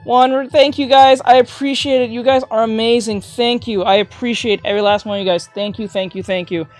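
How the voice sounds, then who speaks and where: A woman art teacher chatting casually on a livestream while drawing, gushing with thanks and breaking into excited shouts. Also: a little high, a little fast. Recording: faint music behind.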